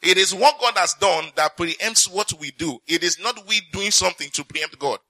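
A male pastor delivers a sermon, posing questions to his congregation and answering them himself. His voice is bright and somewhat high for a man. The sound is close and dry, with little room in it. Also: dry recording, rough recording. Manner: preaching with call-and-response questions to the congregation; reads scripture slowly and deliberately.

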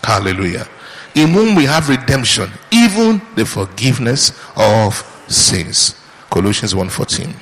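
A man pastor preaching a sermon with lively rhetorical questions. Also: mid-range voice, a little slow. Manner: animated preaching with mimicked prayers and rhetorical questions. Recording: reverberant hall.

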